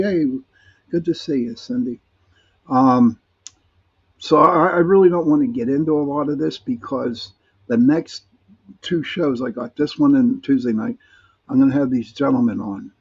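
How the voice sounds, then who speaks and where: Over dull, lo-fi streamed audio, this live podcast host chats in a medium-pitched, darkish voice with vocal fry and a breathy edge. He's friendly and rambles, often using fillers and starting sentences over.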